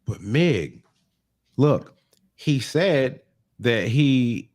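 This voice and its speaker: A man's voice: medium pitch, lively intonation, very slow, a little mellow, no room sound. A man co-hosting a podcast in casual chat, laid-back and slangy, adding comments to his partner's story. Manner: laid-back, slangy, chimes in with comments and little acted lines. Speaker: podcast co-host.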